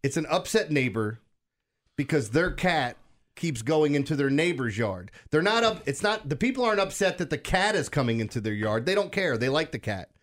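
Male radio co-host, higher voice, incredulous and animated banter. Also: moderate pace. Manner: incredulous, laughing, animated storytelling. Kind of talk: casual morning radio banter.

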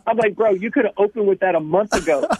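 A man from Louisiana, telling his life story as a radio guest, animated and laughing, often repeating words. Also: high-pitched, quick pace, a little hiss or hum. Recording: tinny phone line, dry.

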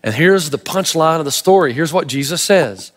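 A man pastor preaching a sermon with animated, emphatic storytelling in a church hall. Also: fairly high pitch, moderate pace. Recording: long hall reverb.

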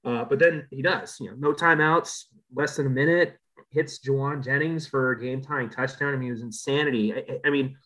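A man's voice: medium pitch, fairly quick, a bit bright. A man hosting a podcast, chatting casually about football and stammering over repeated words. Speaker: podcast host. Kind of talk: casual sports chat. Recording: slightly dull lo-fi.

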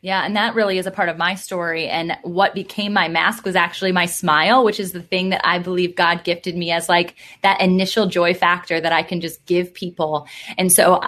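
A woman's voice: on the low side, level tone, moderate pace, hardly any pauses, fairly bright tone. A woman hosting a podcast interview, encouraging her guest and often chiming in with short affirmations. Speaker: podcast host.

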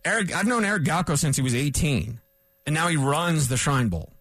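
Sex: man. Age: 40s. Role: sports talk radio host. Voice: high, lively. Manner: rambling, self-correcting. Mic: dry studio. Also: brisk, no echo. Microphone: studio microphone.

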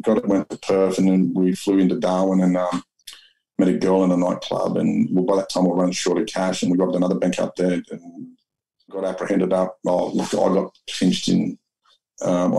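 A man's voice: low voice, creaky, mellow, low-quality recording. An Australian man telling his story as an interview guest, rambling and blunt with lots of restarts and swearing.

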